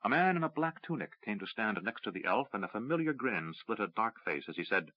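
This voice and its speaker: A man narrating a fantasy audiobook in a steady, measured reading. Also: on the low side, dry recording. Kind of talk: scripted narration. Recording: dry, slightly dull audiobook recording.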